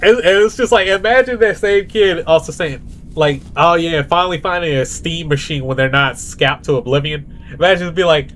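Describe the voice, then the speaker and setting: A man's voice: on the high side, normal speed, fairly bright tone, slight background noise. A young man vlogging in a rambling, casual monologue, full of fillers and tangents.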